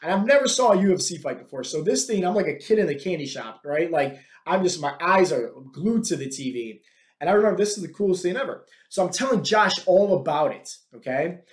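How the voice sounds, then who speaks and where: A man's voice: high voice, animated, fairly quick. A man from Ohio hosting a podcast and telling personal stories in a rambling, casual way, often tagging sentences with "right?". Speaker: podcast host. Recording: echoey room.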